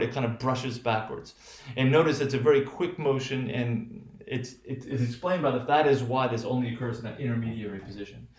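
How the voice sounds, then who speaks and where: A male teacher with a General American accent, lecturing on pronunciation, halting, restarting often and checking with "right?". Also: mid-range voice, reverberant. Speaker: phonetics teacher. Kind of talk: recorded remote lecture.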